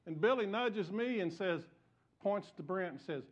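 Male pastor, high voice, jokey self-deprecating sermon delivery, restarts often. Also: lively intonation, normal speed, highs cut off. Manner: joking, self-mocking storytelling with frequent restarts.

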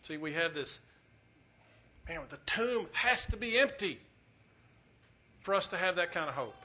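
A man preaching a sermon as pastor, telling a story earnestly, swelling loud and dropping quiet. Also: high voice, lively intonation, measured pace. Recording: dull lo-fi recording.

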